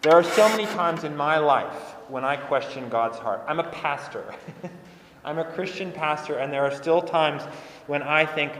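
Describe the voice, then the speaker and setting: A man's voice: a little high, unhurried, fairly bright tone, a little hiss or hum. Young man preaching in an echoing hall. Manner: earnest and conversational, repeating phrases for emphasis. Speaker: pastor. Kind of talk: sermon. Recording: echoey hall with long reverb.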